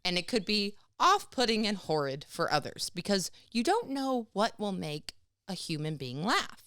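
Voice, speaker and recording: A woman from the United States co-hosting a casual comedy podcast, a lively storyteller who laughs often as she talks. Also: mid-range voice, normal speed, no echo, studio quality. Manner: laughs often while telling stories. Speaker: podcast co-host.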